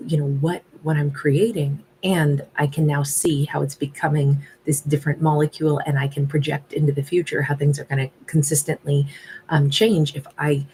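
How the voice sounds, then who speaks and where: A woman with a notably low voice talks through a tarot reading in a casual live-stream way. She sounds earnest and reflective and pauses on fillers as she thinks. A faint background noise sits under her voice. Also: flat delivery, dark tone, low-quality recording. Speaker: tarot card reader.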